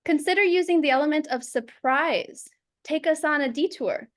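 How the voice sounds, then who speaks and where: A woman teaching public speaking over a video call, lively and acting out examples in quoted voices. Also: high voice, normal speed. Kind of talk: instructional talk.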